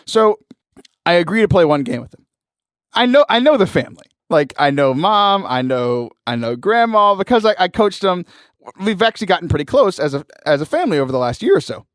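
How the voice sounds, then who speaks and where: Animated man telling a story. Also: high voice, fairly quick, no room sound, studio quality. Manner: animated, laughing often, mimics voices in anecdotes. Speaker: podcast host. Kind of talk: casual storytelling.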